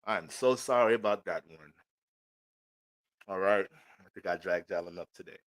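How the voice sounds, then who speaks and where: A young man giving a casual, profane, joking astrology reading in animated rants. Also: low voice, normal speed. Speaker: astrology reader.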